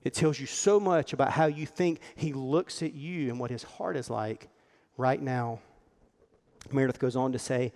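A man's voice: medium pitch, fairly even intonation, normal speed, darkish tone. A man preaching a sermon in an earnest, conversational way, acting out the lines he quotes. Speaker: pastor. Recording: long hall reverb.

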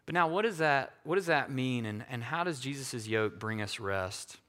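A man's voice: medium pitch, animated, normal speed, a bit bright. A male pastor giving a conversational sermon, often checking in with his listeners. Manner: conversational, self-deprecating, asks "right?" often. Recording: hall reverb.

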